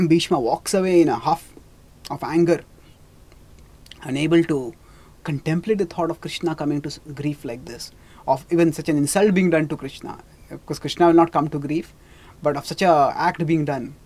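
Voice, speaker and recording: A religious teacher retelling scripture in a lecture, speaking haltingly with restarts on names and quoting the characters. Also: mid-range voice, a little mellow.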